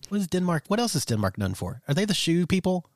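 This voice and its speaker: A man co-hosts a casual podcast, cracking jokes and jumping in with goofy asides. His pitch swings around a lot, and the sound is dry and close. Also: big pitch swings, fast, no room sound. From Australia. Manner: jokey, playful, interrupting with silly asides. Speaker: podcast co-host.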